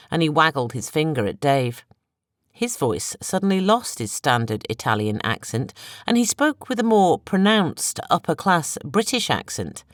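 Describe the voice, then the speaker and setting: An audiobook narrator reading a novel in steady, expressive storytelling, at a middle pitch. The voice is recorded close on a studio microphone, completely dry with no room sound. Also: no echo.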